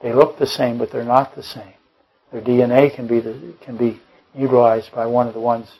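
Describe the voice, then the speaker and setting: A man's voice: mid-range voice, level tone, normal speed, gravelly, dull audio. A man preaching a Bible-study sermon, rambling and correcting himself mid-sentence, firing off rhetorical questions and dropping joking asides. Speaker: pastor.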